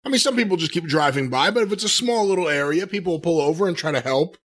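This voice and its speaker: A male podcast co-host with a high, lively, bright voice, giggling and egging the host on. The banter is loose and playful. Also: quick pace. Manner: laughing, teasing sidekick.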